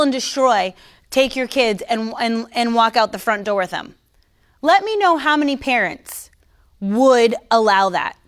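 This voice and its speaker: A woman giving a casual, conversational faith teaching to her online followers, emphatic and sometimes mocking, pausing to sip coffee. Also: a little high. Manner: sips coffee while talking. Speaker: Christian teacher.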